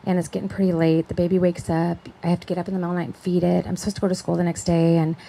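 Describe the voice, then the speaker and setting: A woman's voice: fairly low pitch, little pitch movement, racing, gravelly, mellow, low-quality recording. A middle-aged woman giving a personal testimony talk, chatty, acting out the voices of people she quotes and often checking in with "right?". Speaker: conference speaker.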